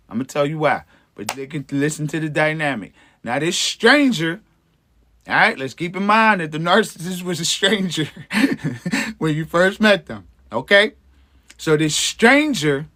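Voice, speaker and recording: High, bright-voiced man coaching viewers. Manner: preachy, encouraging, chuckles often, slangy. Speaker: host, empowerment coach. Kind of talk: livestream motivational talk to viewers.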